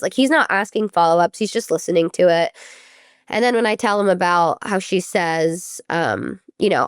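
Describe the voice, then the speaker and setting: A woman's voice: mid-range voice, animated, brisk, clean tone, dry recording, studio quality. A young adult woman, a former college gymnast, telling her story in a casual interview, chatty and full of filler words, acting out what others said. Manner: chatty, many "like" fillers, acts out quoted speech.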